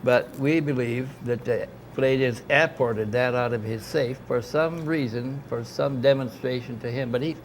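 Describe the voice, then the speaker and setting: An older man speaks as an interview guest at a club gathering in the dining room, telling a long anecdote casually with many asides and restarts. His mid-range voice is steady, at normal speed with hardly any pauses, and there's slight background noise.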